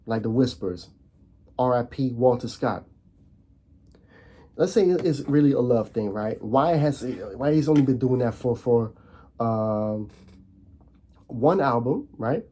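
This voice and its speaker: Speaking slowly with long pauses, a Dutch man delivers a casual on-camera rant in an animated, medium-pitched voice that is dark with a breathy edge. The commentary vlogger repeats points, restarts frequently, and asks rhetorical questions.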